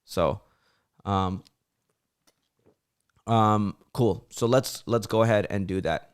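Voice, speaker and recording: A man's voice: fairly low pitch, takes it slowly, clear, resonant tone. A young man hosting a casual livestream, talking loosely with lots of "like" fillers and acting out his friends' voices when he tells stories. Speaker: channel host on a livestream.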